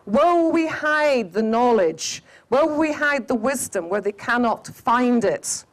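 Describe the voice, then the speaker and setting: Brief: ancient wise ones, slow and deliberate, as a Scottish woman tells it. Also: fairly high pitch, lively intonation. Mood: conspiring. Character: ancient wise beings, conspiring.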